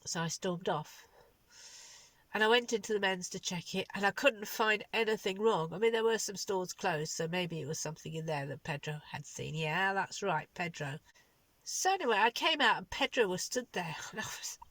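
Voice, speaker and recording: A woman's voice: medium pitch, normal speed, no echo. Woman in her sixties, chatty. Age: 60s. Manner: lively storytelling, exasperated, laughing at herself. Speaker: vlogger. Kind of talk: casual spoken diary.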